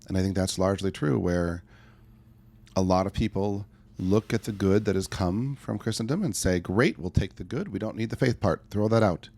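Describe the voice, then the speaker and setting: A man's voice: fairly low pitch, moderate pace, gravelly, a little mellow. A middle-aged man talking earnestly as a podcast guest, telling stories with acted-out asides. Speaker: podcast guest, life coach. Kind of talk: conversational interview answer.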